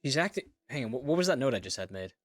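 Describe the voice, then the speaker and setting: A man's voice: mid-range voice, very animated, very fast. A man streaming a game, thinking aloud in a wry, casual way and swearing now and then.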